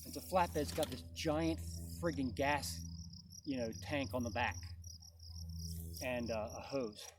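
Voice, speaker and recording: A man telling a personal story in a casual, animated way, often checking in with "right?". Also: mid-range voice, unhurried, noisy background. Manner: animated, tags lines with "right?". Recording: distant mic, loud crickets outside.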